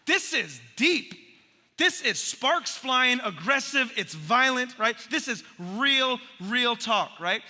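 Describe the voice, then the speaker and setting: A man preaching from the pulpit with a very bright, forceful, high-pitched voice. He talks to the congregation like a friend, joking and slipping into little acted voices. His words ring out with a long church-hall reverb from a live recording. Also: slow. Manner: animated storyteller who acts out voices; humorous, conversational preaching. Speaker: pastor. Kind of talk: sermon. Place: church sanctuary.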